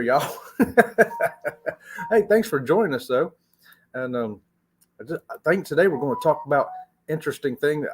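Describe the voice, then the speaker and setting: Husky, lively man hosting a livestream. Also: medium pitch. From Florida. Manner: chatty, laughing, calls viewers y'all. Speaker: travel channel host. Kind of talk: casual livestream chat. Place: hotel room.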